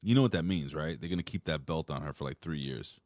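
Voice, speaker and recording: A man's voice: rumbling low, fast, a little mellow, dry recording. A man co-hosting a wrestling review podcast, bantering bluntly with plenty of profanity. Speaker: wrestling show co-host. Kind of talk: casual podcast chat.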